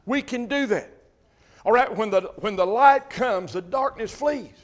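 High-pitched older preacher, impassioned. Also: male voice, a little slow. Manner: impassioned preaching, swells loud on emphasis. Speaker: pastor. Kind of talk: sermon.

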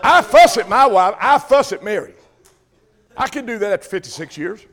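A man's voice: high voice, animated, moderate pace, fairly bright tone. An older man preaching a folksy sermon, calling questions out to his congregation.

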